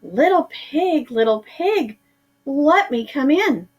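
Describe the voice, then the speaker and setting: A woman's voice: high-pitched, big pitch swings, drawn-out words, heavily acted. A woman doing a hungry, roaring magic shark. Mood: falsely sweet. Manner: roaring threats, then falsely sweet calling. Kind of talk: storybook reading.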